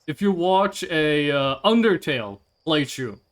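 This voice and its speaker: A man streaming a game live into a desk mic, talking in a high, very lively voice. He rambles, jokes and swears casually as he figures things out. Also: a little slow. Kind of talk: live gameplay commentary.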